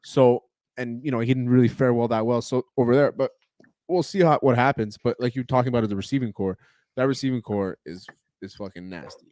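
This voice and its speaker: A man's voice: mid-range voice, a little fast, warm tone, no echo. A man co-hosting a casual sports podcast, blunt and cursing, tripping over his own words. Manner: blunt, stumbles and restarts, swears. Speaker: podcast co-host.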